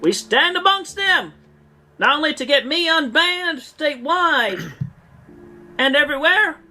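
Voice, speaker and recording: A woman's voice: sits high, big pitch swings, measured pace, bright, forceful tone, faint music behind, heavily acted. A woman in an archived clip ranting in a put-on, theatrical British-sounding accent, pompous and indignant. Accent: imitated British. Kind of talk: archived online video rant.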